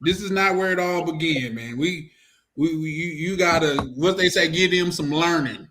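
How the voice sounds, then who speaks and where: A man's voice: fairly high pitch, normal speed, pushed and bright, a little hiss or hum. A man hosting a casual group chat, playful and teasing, often laughing. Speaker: host.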